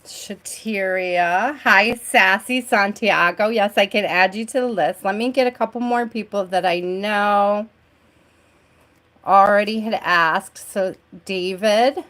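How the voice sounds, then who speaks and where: A woman's voice: medium pitch, takes it slowly, a bit bright. A woman hosting a live tarot stream who reads out card meanings, then chats loosely, laughs often and greets viewers by name. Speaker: tarot reader.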